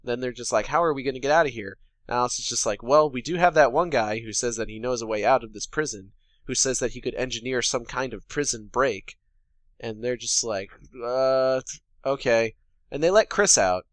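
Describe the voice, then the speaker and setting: Casting: man, podcast co-host, mid pitch, sarcastic profane movie recap, dry close mic. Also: moderate pace, a bit bright, no echo. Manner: sarcastic, profane, paraphrases characters in quotes. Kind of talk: casual recap chat.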